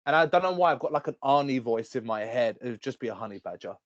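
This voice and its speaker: A man co-hosting a casual podcast chat, animated and prone to silly high voices. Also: fast talker, muffled recording, a crowd in the background. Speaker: podcast co-host.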